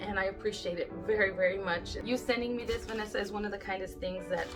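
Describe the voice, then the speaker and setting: With music in the background, a woman talks quickly in a steady, medium-pitched voice. This YouTube crafter opens viewer friend mail in a casual vlog, gushing, exclaiming, gasping frequently, and teary-eyed to the point of nearly crying.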